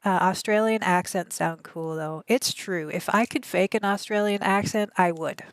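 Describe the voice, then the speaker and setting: A woman's voice: mid-range voice, moderate pace, smooth, no room sound. A woman in her thirties with a Midwestern American accent, chatting casually with her live stream audience. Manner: chatty, rambling, reads chat aloud. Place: home gaming desk.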